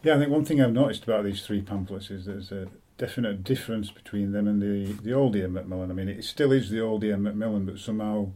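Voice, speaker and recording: Measured, low-voiced male interviewer. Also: dark tone. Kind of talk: interview questions.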